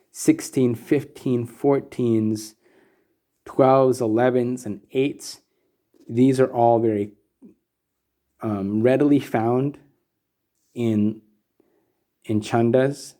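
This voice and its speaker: A man's voice: mid-range voice, warm tone. A man teaching Sanskrit meter in a recorded lesson, explaining things patiently and methodically with frequent ums.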